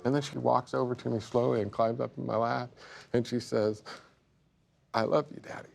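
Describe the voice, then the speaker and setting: A man as a guest on a TV talk show, choked up, halting and stammering as he speaks. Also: mid-range voice, flat delivery, gravelly, slight background noise. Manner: halting, stammering, repeats words. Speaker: guest father.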